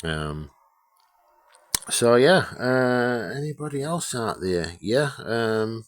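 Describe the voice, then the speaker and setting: A man rambling through a casual workshop vlog about restoring a radio, swearing freely and joking about himself as he gives shout-outs. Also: mid-range voice, big pitch swings, takes it slowly, dry recording. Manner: rambling, sweary, self-deprecating.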